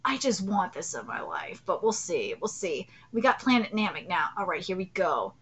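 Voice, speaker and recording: A woman in her thirties hosting a live reaction video, swinging from loud gasping excitement to low, swearing rants. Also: moderate pace, slightly rough. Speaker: channel host reacting to a manga chapter.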